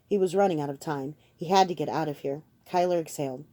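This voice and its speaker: A woman reads a novel aloud in a steady, measured narration. Her voice is low and mellow. The recording is close and dry, with no room sound. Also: no room sound. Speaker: audiobook narrator. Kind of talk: audiobook reading.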